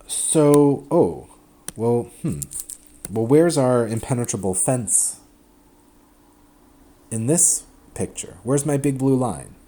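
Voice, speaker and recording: A man giving a recorded math lecture at a board, chatty and animated, often breaking off and restarting his sentences. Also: mid-range voice, slow, long pauses. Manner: chatty, self-interrupting, animated explanations.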